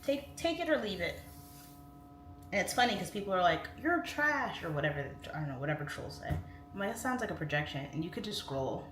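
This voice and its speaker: Her fairly low voice swings widely in pitch as she talks fast, chatting casually on a home livestream and reading out viewer comments. She records on a sideways phone in an echoey room, with faint music and a little background noise.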